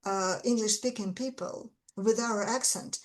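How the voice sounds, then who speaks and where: A woman's voice: mid-range voice, a little slow, rough recording. A Russian-accented woman, an English teacher, explaining things earnestly and stressing her key words in casual conversation.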